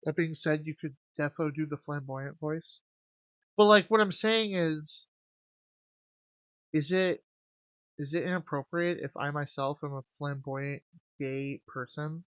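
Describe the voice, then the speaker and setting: A young adult streamer in casual let's-play commentary, reading game lines aloud and chatting to viewers with animated, swearing asides. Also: mid-range voice, a little slow, long pauses, no echo, lo-fi sound. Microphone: desk mic with gain adjusted.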